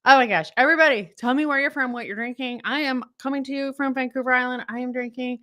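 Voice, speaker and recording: A woman's voice: high-pitched, steady tone, fast, bright, forceful tone. Bubbly middle-aged woman chatting on a home livestream, says hi to everyone by name. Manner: bubbly, gushing, greets viewers by name. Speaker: livestream host and decluttering coach. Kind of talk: casual livestream chat. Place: home, recording on Vancouver Island. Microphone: camera live stream.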